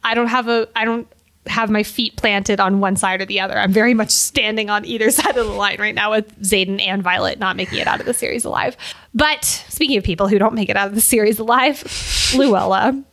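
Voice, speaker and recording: A woman co-hosting a podcast, chatting casually about a book, animated, laughing often and swearing casually. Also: medium pitch, brisk. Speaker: podcast co-host.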